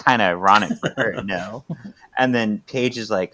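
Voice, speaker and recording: A man's voice: on the low side, moderate pace, sharp tone, a little hiss or hum. A man co-hosting a podcast, reading comic book dialogue aloud in a playful, sassy way and laughing often. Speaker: podcast co-host.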